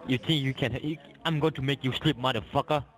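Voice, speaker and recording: A man's voice: medium pitch, steady tone, brisk, low-quality recording. Combative male caller, insulting, mid-range voice, over a phone. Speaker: phone scammer. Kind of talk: phone call.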